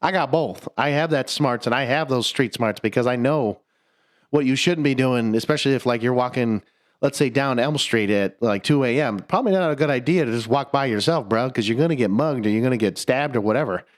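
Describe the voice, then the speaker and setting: A man's voice: mid-range voice, fairly quick. A young man co-hosting a podcast, telling a story in casual chat, swearing freely, laughing mid-sentence and restarting his words. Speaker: podcast co-host.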